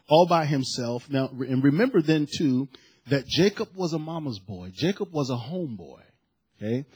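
A man preaching a sermon, telling a family story in a chatty, animated way with asides before reading and explaining scripture. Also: on the high side, breathy edge. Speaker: pastor.

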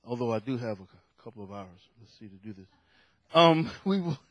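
A man's voice: medium pitch, animated, a little fast, dull audio, a little hiss or hum. A man preaching a sermon at a lectern to a congregation, telling stories with animation and acting out the voices in his quotes.

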